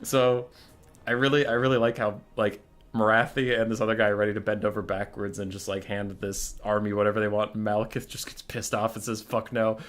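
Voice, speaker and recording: A man streaming and casually retelling a story to his chat, animated, exasperated and swearing freely. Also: on the low side, fast, faint music behind.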